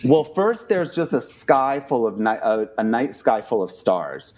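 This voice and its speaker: A man telling a story as a podcast guest, animated, with lots of "like" and acted-out quotes. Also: mid-range voice, measured pace. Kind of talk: casual storytelling.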